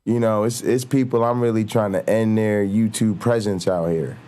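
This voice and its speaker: A man's voice: lowish voice, steady tone, normal speed, mellow. A man hosting a livestream, joking and talking straight to his chat in casual slang. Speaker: livestream host.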